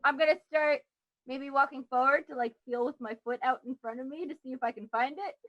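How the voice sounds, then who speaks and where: Woman player w a high voice, chatty, working out her moves out loud. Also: fairly even intonation, brisk. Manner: chatty, thinking aloud. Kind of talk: casual tabletop play.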